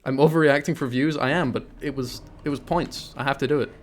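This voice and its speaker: A man's voice: medium pitch, steady tone, a little fast. A man streaming a horror game live, cracking jokes, swearing and hamming up his reactions. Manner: jokey, swears, loud over-the-top reactions. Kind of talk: live gameplay commentary.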